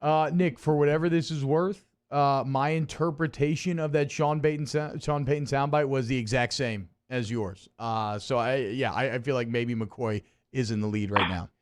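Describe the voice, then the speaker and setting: A male radio co-host with a smooth, resonant voice adds a short opinion at a measured pace, pausing a little as he speaks. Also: mid-range voice, steady tone.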